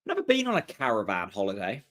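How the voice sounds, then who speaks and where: A young man hosting a live football watchalong, chatting with viewers and reacting to the match in a casual, excitable way. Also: fairly low pitch, fast. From Norfolk, England. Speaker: host of a fan channel watchalong.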